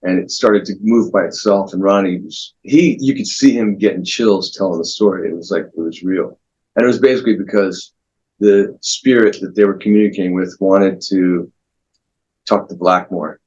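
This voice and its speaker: A man being interviewed as a guest guitarist, telling long anecdotes in a rambling, relaxed way with many restarts. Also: low-pitched, normal speed, breathy edge, lo-fi sound.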